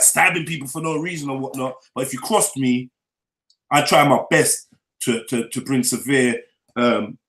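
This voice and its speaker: A young man tells his life story in a relaxed, unscripted way. He uses loose street slang and keeps checking in with the listener. His voice sits in an average range and carries a noticeable room echo. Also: mid-range voice. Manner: loose London street slang, frequent "you get me?" tag. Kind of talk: casual storytelling. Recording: echoey room.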